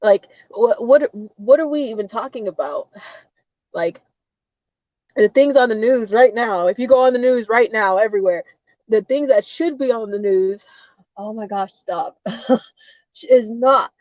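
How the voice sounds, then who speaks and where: A woman's voice: fairly high pitch, measured pace, long pauses, a little mellow, no echo. A woman guest crying and short of breath in a car, apologizing and laughing through her tears on a phone call. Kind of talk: emotional live-stream conversation. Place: inside a parked car.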